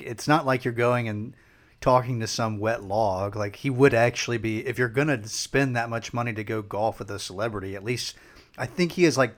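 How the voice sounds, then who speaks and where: A man co-hosting a casual sports podcast, making wry, dry remarks. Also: mid-range voice. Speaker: podcast co-host.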